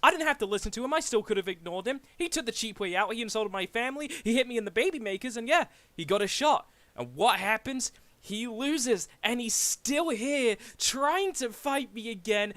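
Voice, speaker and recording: A man with a notably high, bright voice delivers a trash-talking wrestling promo from a press conference. He is heated and taunting, with a tone that keeps rising toward shouts. The sound is dry and close on a home microphone. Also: lively intonation, moderate pace, hardly any pauses, dry recording.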